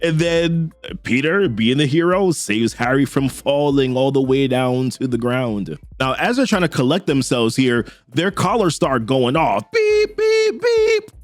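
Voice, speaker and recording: A man hosting a casual comic book recap, retelling the story in a chatty, animated way with slang. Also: mid-range voice, unhurried, hardly any pauses, no echo.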